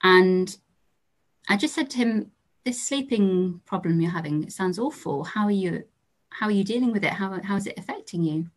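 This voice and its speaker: A young English woman, a trainee family doctor, giving a lecture in a calm, measured way, telling stories from her work with endings that trail off softly. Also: medium pitch. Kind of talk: storytelling lecture.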